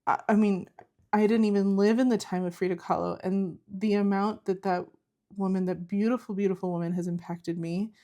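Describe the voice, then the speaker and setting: A woman's voice: medium pitch, steady tone, brisk, mellow. A woman giving an earnest, encouraging tarot reading to camera, repeating herself and saying "like" often. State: close to tears at times. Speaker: tarot reader.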